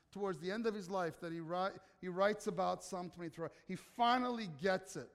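Guy preaching a sermon, high voice, goes from soft and slow to loud, echoey long reverb like a big hall. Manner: emphatic, asks the audience rhetorical questions; swings between soft, slow passages and loud declarations. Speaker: pastor.

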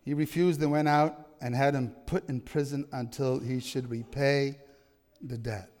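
A man's voice: medium pitch, steady tone, a little slow, darkish tone, in a large hall. A man preaching a sermon to his congregation, emphatic and often asking them questions. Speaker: pastor. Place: church.

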